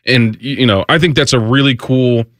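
A man co-hosting a casual talk show, relaxed and agreeable as he adds his own take. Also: medium pitch, brisk, no echo, studio quality. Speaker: co-host. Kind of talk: casual chat.

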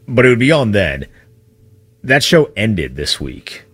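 A man's voice: on the low side, very animated, measured pace, a bit bright, breathy edge, no echo. A man co-hosting a sports radio show, telling stories in a rambling, conversational way. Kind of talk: casual radio chat.

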